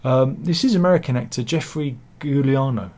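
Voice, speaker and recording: A man's voice: mid-range voice, normal speed, a little mellow. A man giving casual satirical news commentary, full of wry self-mocking asides and mock-dramatic quips. He talks over pictures he shows. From England.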